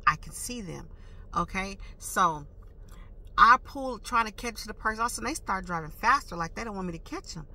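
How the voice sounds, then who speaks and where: A woman with a very bright, piercing voice tells a story straight to camera in a casual, slangy way. She punches her points with sound effects and rising emphasis. Her pitch sits in a middle range. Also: lively intonation, fairly quick. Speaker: vlogger.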